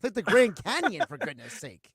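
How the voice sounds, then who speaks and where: A man's voice: high voice, huge pitch swings, fairly quick, gravelly, fairly bright tone, breathy edge, dry recording. A man hosting a sports radio show from a studio, plainspoken and joking. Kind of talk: casual sports radio talk.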